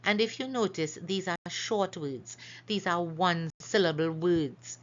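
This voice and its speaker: A woman teaching a phonics lesson over slides, slowly stretching out and repeating each example word. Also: fairly low pitch, lo-fi sound. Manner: slow, careful, stretches out example words.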